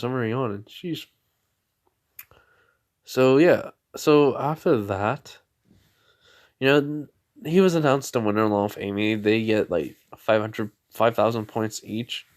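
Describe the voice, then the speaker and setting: Guy rambling through a fan story, like, tons of filler, average pitch. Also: darkish tone. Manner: rambling, full of filler words. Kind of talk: casual fan-fiction retelling.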